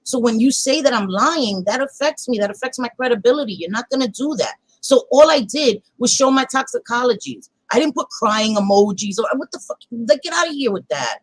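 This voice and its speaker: A woman, chatting on a livestream in a blunt, heated way and cursing freely. Her voice sits a little high and sounds dry and close, with no room around it. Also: animated, fairly quick, few pauses, no echo, poor audio. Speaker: channel host. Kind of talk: casual livestream chat.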